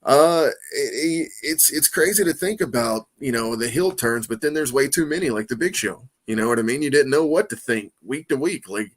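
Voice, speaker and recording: A male podcast host in casual conversation with a guest, excitable and animated. His voice sits at an ordinary middle pitch, with loud bursts of enthusiasm between quieter asides. He keeps checking in with his listener as he talks. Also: normal speed, few pauses. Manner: peppers talk with "man" and "you know what I mean". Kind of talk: casual interview chat.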